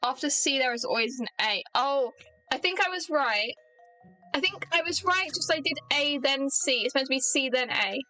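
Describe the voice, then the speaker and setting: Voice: sits high, animated, moderate pace, pushed and bright, soft background music. A British streamer commentating a video game playthrough, joking with chat and teasing themself. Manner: self-mocking, joking with chat.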